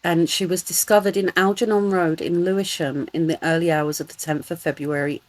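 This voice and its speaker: A woman with a London accent, co-hosting a podcast, earnest and relaxed as she talks through case details. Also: on the low side, brisk, low-quality recording. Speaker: podcast co-host. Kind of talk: casual chat.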